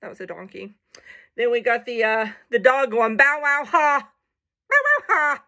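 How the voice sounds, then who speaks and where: A woman's voice: fairly high pitch, normal speed, sharp tone. A woman casually reading a children's picture book aloud, playful, with jokey asides and animal noises.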